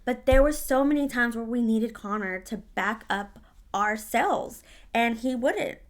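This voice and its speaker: A woman's voice: a little high, unhurried. A woman telling a storytime to her vlog audience in a casual, blunt way, swearing freely.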